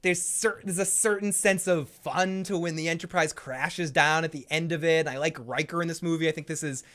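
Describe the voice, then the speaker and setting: A man's voice: fairly high pitch, steady tone, normal speed, a bit bright. Rambling, profane man talking casually. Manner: profane and rambling, full of restarts; playful, breaks into impressions. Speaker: host. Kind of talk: casual opinionated chat.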